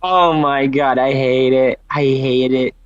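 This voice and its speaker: A man chatting casually as a podcast host, swearing often and reacting quickly. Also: medium pitch, steady tone, highs cut off, crowd noise. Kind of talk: casual chat.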